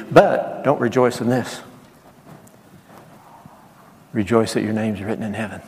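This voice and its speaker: A man's voice: on the low side, fairly quick, hardly any pauses, darkish tone, big-room sound. A man preaching a sermon as pastor, calling on the congregation to repeat lines and acting out quotes in his talk. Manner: preaching with call-and-response and acted quotes.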